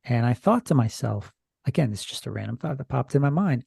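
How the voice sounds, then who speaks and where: A man's voice: medium pitch, expressive, fast talker, gravelly, a little mellow, slightly rough, no echo, studio quality. A man who is a podcast guest, retelling a strange experience from his notes in a rambling, hesitant, casual way. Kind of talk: casual storytelling chat.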